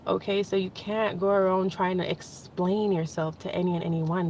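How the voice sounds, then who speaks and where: A young woman with a fairly low voice talks straight to her camera in a loose, heartfelt vlog. She rambles, laughs often and gets emotional. Faint background hum stays under her voice. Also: a little fast, few pauses. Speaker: vlogger. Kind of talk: casual spiritual vlog monologue.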